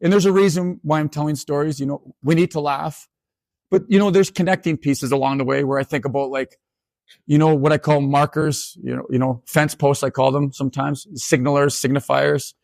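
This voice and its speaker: Animated man telling funny stories. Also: fairly high pitch, vocal fry, dry recording. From Canada. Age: 40s. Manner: animated, self-mocking, quick asides. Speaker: keynote speaker. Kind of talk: humorous storytelling talk.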